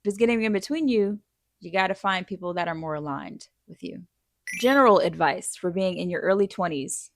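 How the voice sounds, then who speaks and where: A woman's voice: on the low side, a little fast, a little hiss or hum. Blunt, frank woman giving casual advice. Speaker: advice vlogger answering viewer questions.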